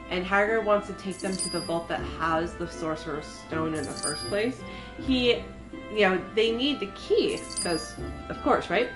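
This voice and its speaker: Giggly, rambling woman streamer. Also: mid-range voice. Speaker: streamer playing a game with a friend. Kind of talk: casual chat while gaming.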